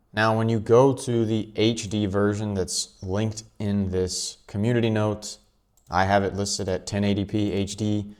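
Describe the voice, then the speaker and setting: A man with a fairly low voice hosts his own commentary vlog. He talks quickly and offhandedly, dropping chuckling asides as he goes. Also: level tone, a little mellow, clean tone. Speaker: channel host.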